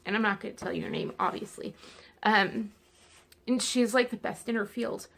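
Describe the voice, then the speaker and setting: A woman's voice: a little high, fairly even intonation. Woman vlogger, casual chat to camera, candid and chatty, in pain and fidgety. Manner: candid, chatty, speeding up and slowing down.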